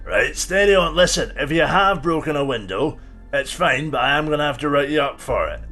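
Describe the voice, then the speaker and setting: Man doing a gruff city guard. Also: fairly high pitch, animated, a little fast, sharp tone, soft background music, voice pushed up. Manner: gruff, dismissive, patronizing. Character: weary bearded male city guard.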